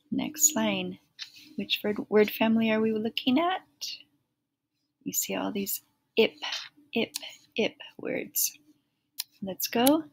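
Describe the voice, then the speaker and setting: A woman teaching a first grade phonics lesson, repeating short words slowly and clearly for children to blend. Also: mid-range voice. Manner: slow, clear word-by-word repetition.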